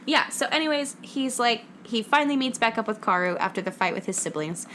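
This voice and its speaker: A woman's voice: fairly high pitch, expressive, fairly quick, fairly bright tone. Chatty young woman co-host. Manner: chatty, recaps plot with filler words. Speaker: podcast co-host. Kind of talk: casual book-club chat. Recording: faint background noise.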